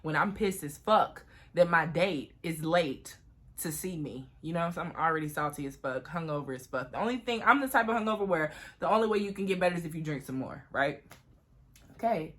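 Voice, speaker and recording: Young female vlogger with a low voice; chatty, profane story told straight to camera. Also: a little fast. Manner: profane, animated, chatty, addresses viewers as y'all.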